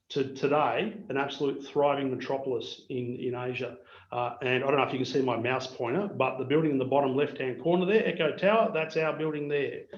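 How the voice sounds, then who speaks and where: Australian man telling business stories. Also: medium pitch. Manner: anecdotal, animated storyteller acting out dialogue. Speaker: business owner presenting to peers. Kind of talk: storytelling keynote on a video call. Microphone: video call. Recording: roomy, dull video-call audio.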